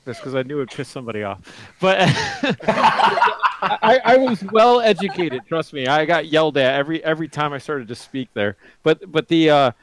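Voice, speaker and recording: A man's voice: a little high, normal speed, slight background noise. A man telling a funny travel anecdote on a voice call, acting out his own lines. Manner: animated anecdote with acted quotes. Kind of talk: casual storytelling.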